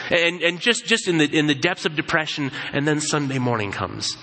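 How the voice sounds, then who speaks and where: Male pastor, sermon, lively storyteller; bright, slightly high voice with long hall reverb. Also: moderate pace, hardly any pauses. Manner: animated storytelling, acting out quotes.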